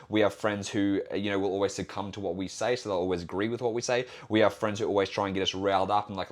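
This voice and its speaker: A young Australian man hosting a solo podcast as a fitness trainer, talking bluntly and assertively with plenty of swearing. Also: fairly low pitch.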